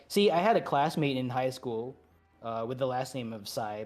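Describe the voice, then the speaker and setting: A man's voice: medium pitch, moderate pace, faint music behind. A man leading a game raid over voice chat, giving easygoing, chatty instructions with apologetic asides. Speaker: raid leader.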